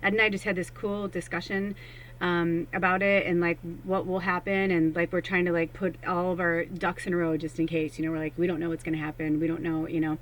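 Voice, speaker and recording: Chatty, animated woman doing a card reading. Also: fairly low pitch, fairly quick, slight background noise, poor audio. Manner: chatty and animated, swears casually, acts out her own inner voice. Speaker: psychic medium doing tarot readings. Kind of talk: casual spiritual card-reading monologue to viewers.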